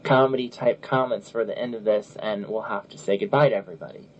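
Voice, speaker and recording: A man's voice: lowish voice, steady tone, quick pace. A man hosting a casual podcast chat, talking loosely with frequent restarts and laughs. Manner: chatty, laughs often, restarts. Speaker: podcast host. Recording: lo-fi audio with faint noise.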